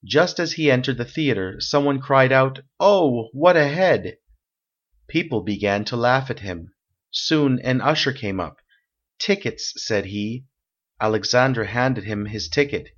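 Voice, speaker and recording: A man reads a story aloud in steady, measured narration. His voice sits at an ordinary middle pitch. The recording sounds dull and lo-fi.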